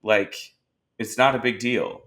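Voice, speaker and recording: A man with a low-set, bright and forceful voice hosts a podcast in easy conversation. He tells his stories with energy and slips into the voices of the people he quotes. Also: a little slow, creaky. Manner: animated storyteller who acts out quoted dialogue. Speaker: podcast host. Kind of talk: casual conversation.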